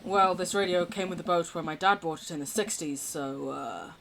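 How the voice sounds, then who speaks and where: A woman voicing an easygoing middle-aged dad who owns a yacht, speaking in a relaxed, slightly lowered voice. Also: normal speed, background noise, close to an everyday voice.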